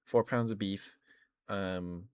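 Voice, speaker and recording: A hoarse young man chatting casually on a stream, rambling with lots of fillers. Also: deep voice, fairly even intonation, slow, no room sound, clean studio sound. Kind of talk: casual chat.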